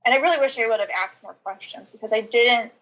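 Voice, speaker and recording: A woman's voice: on the high side, fast talker, a bit bright, low-quality recording. A young woman guest on a podcast telling her own birth story, rambling with lots of filler words and small nervous laughs. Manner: rambling, heavy use of "like" and "you know", nervous little laughs. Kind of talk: personal birth story in conversation.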